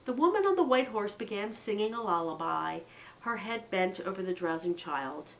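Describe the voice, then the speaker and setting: A woman with an American accent reading a children's story aloud, voicing its characters with lively shifts. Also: moderate pace, distant mic, low-quality recording. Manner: expressive, lifting her pitch for quoted lines. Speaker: children's book reader.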